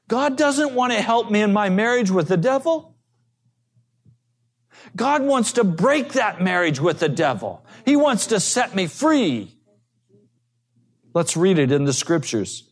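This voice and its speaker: A man preaching a sermon as pastor, earnest, telling stories and acting out the people in them. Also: sits high. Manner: slow, earnest preaching with acted-out quotes.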